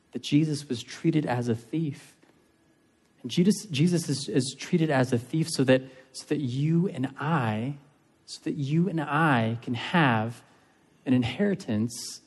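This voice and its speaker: A man's voice: mid-range voice, darkish tone, slightly rough, long reverb tail. A man preaching a sermon, earnest, often repeating and restarting phrases for emphasis.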